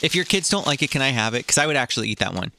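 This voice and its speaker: A man's voice: medium pitch, big pitch swings, rapid-fire, noisy background. A man co-hosting a casual cereal review show, joking, teasing and complaining. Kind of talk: casual chat.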